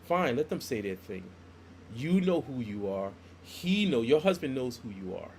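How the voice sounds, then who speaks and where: Animated man telling stories on a podcast. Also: mid-range voice, moderate pace, a little hiss or hum. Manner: animated storyteller who acts out quoted dialogue. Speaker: comic book artist guest. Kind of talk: casual podcast storytelling.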